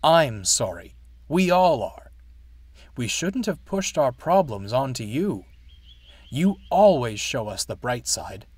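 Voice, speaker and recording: A man's voice: medium pitch, sing-song, slow pace, no room sound. A man doing a pompous, grumpy steam engine. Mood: apologetic. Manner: pompous, indignant. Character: proud, grumpy big male steam engine.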